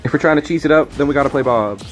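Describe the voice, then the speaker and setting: A man's voice: on the high side, rapid-fire, faint music behind. Rambling, jokey male streamer. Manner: rambling, jokey, self-deprecating. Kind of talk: casual gameplay commentary.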